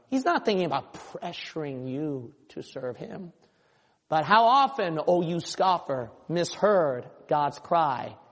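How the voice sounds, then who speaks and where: Male pastor, impassioned sermon, high voice, long church reverb. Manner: impassioned preaching, voicing imagined listeners.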